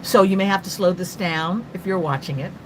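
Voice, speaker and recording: The recording is poor and has slight background noise, but the lowish voice comes through: an older North Carolina woman hosting a chatty, wandering live stream as an artist. She greets viewers by name and talks quickly and at length after her coffee.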